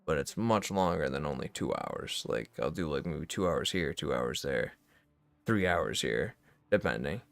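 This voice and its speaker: A young man streaming games, ranting casually and profanely in a rambling, animated way. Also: very deep voice, a little slow, creaky, no echo. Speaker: gaming streamer.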